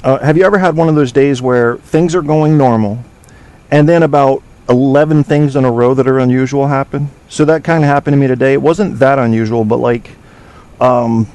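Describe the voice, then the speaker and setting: Guy hosting a talk show from his studio, mid pitch, goofy and provocative, rambles a lot. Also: fairly quick, darkish tone. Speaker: podcast host. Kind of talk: casual talk show monologue. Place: home studio.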